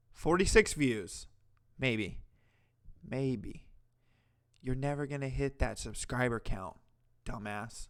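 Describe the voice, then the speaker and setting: Sarcastic, swearing stream host. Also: male voice, medium pitch, slow, smooth. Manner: profane, sarcastic, chats with viewers; bursts into loud laughter and yelling. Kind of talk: casual live-stream commentary.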